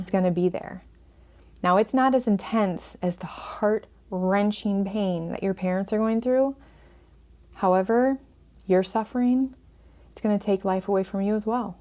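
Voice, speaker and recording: A woman's voice: mid-range voice, a little mellow. A woman hosting a podcast on family estrangement, talking with listeners in an earnest, empathetic way and walking them through a case story as a counselor.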